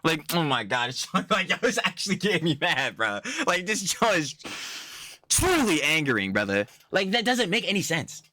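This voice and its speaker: Young guy ranting hard, cussing a lot, super exasperated, bright sharp voice. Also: fairly high pitch, big pitch swings, moderate pace, no room sound. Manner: heated, profane, exasperated, slangy. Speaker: reaction commentator. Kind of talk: ranting reaction commentary.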